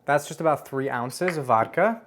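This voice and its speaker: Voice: mid-range voice, expressive, normal speed, a little hiss or hum. A host giving a casual home cocktail tutorial, chatty and playful, joking at their own expense and humming as they taste. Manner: savors tastes aloud with hums.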